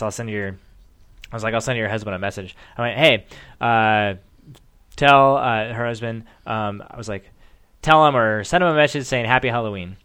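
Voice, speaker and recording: A man in casual chat, telling a story and acting out other people's reactions with lively voices. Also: mid-range voice, clean tone.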